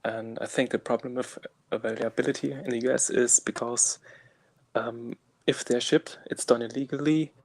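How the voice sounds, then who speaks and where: A man from Germany with a German accent, a guest answering interview questions in a measured, hesitant way. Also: mid-range voice, fairly even intonation, vocal fry, a little mellow, rough recording. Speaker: guest invertebrate keeper.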